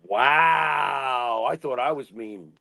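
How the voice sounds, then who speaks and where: A man's voice: medium pitch, very slow, creaky, pushed and bright, no room sound. A man co-hosting a casual wrestling talk show, sarcastic and swearing freely. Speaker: co-host.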